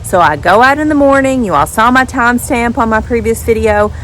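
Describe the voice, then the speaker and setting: A woman's voice: a little high, brisk, fairly bright tone, a little hiss or hum, rough recording. A woman chatting casually to camera as a vlogger, outdoors at home. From Western Kentucky. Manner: chatty, talks to her dogs in a sing-song voice.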